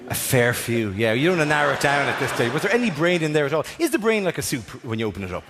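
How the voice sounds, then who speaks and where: A man's voice: medium pitch, big pitch swings, fast. An Irish man, a stand-up comedian teasing the front row, swearing freely. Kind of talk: crowd work stand-up. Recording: live room with audience noise. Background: audience laughter.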